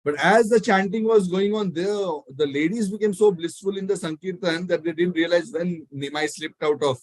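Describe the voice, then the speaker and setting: Man, devotional storyteller, animated, slightly high voice, dry close sound. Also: moderate pace, no echo, poor audio. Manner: animated, acts out the characters. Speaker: spiritual speaker.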